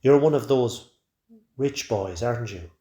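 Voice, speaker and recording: Volatile gang boss, shouty and aggressive, a guy putting him on, echoey room. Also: mid-range voice, lively intonation, a little slow, lo-fi sound, lightly acted. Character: menacing young male gang leader, volatile. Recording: roomy echo.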